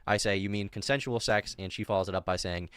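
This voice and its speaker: A man reads a long list of dated messages quickly and methodically, sounding defensive and matter-of-fact. His voice is lowish, smooth and clear. The sound is dry and close. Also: dry recording. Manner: methodical, defensive, reads dates and quotes flatly. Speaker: person responding to allegations. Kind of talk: reading out text messages.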